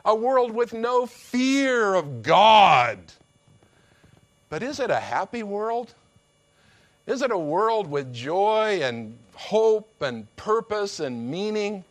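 A male preacher delivers his sermon in a high-pitched voice. He speaks slowly and deliberately, leaning hard on key words and acting out the quotes in his story. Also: animated. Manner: emphatic preaching with acted-out quotes.

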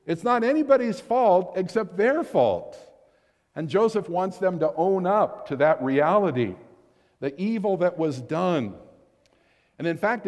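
A man's voice: high voice, darkish tone, long reverb tail. A man preaching a sermon in an earnest, emphatic way, acting out quoted lines. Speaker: pastor.

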